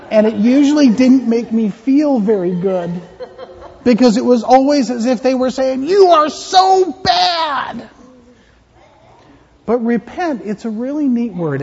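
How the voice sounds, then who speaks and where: A pastor gives a playful children's sermon, his voice high, lively and a bit husky. He leads the kids along gently, and the sound echoes around a big church hall on a dull lo-fi recording. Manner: playful, interactive, gently teaching. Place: church sanctuary.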